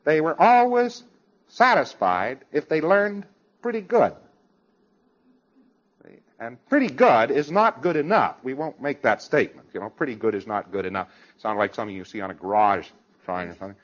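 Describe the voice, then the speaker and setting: A man's voice: mid-range voice, big pitch swings, moderate pace, muffled recording. Emphatic man lecturing on old tape. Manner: emphatic, with wry sarcastic asides. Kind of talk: lecture to a congress audience.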